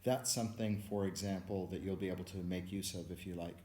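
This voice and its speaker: Deep-voiced man lecturing in an echoey room. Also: fairly even intonation, warm tone. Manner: patient, explanatory, measured. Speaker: music theory lecturer. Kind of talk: recorded lecture. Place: room with a board. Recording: echoey room, faint background hiss.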